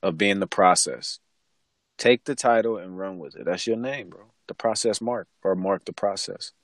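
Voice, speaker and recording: A man's voice: lowish voice, moderate pace, dry recording. Teasing young man on a podcast. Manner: teasing, playful, pushy. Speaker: podcast co-host. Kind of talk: casual podcast chat.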